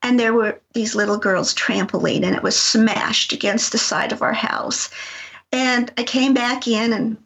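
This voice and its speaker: A middle-aged woman from Colorado, a talk-show guest telling a personal story in an animated way, acting out voices as she goes. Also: a little high, unhurried, gravelly. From Colorado, USA. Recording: dull lo-fi broadcast audio.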